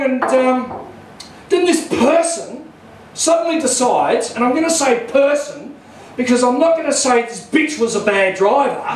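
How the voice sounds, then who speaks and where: An Australian man with a notably high voice doing stand-up comedy in a small, very echoey club. His crude story builds in rowdy bursts, and he is recorded from well back off the mic. A faint murmur of the room sits underneath. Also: recorded from a distance, a little hiss or hum.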